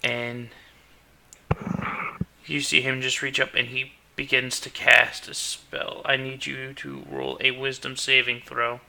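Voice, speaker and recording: Male game master, slow and gravelly, bright edgy tone, relaxed narration. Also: mid-range voice. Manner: unhurried narration with restarts and fillers.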